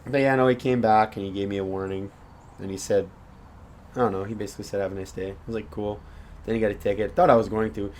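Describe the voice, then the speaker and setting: A man's voice: lowish voice, fairly even intonation, fast talker, darkish tone, a little hiss or hum. Rambling young man telling a story. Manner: rambling storyteller, swears and laughs. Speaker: podcast co-host. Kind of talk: casual chat.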